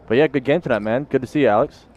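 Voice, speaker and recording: A man's voice: medium pitch, racing, a little mellow, dull audio. Glum man commentating a poker stream. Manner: glum, repetitive, rueful about a sports loss. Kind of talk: casual live-stream chat.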